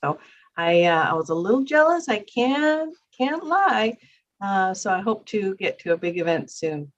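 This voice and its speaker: A woman's voice: medium pitch, big pitch swings, a little slow, recorded from a distance, lo-fi sound, slight background noise. A woman chatting on a video call in a bubbly, chatty way. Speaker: meeting participant. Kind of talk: excited video-call remarks.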